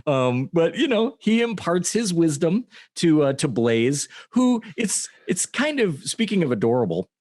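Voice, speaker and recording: Male co-host, casual film chat, animated pitch, dry room sound. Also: measured pace, few pauses, no room sound. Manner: laughs often, animated, acts out quotes. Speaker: podcast co-host.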